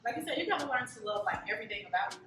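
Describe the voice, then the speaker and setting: A woman's voice: fairly high pitch, animated, rapid-fire, heavy reverb, distant mic, noisy background. A woman hosting a podcast interview, enthusiastic and affirming as she talks with her guest. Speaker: podcast host. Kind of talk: casual interview conversation.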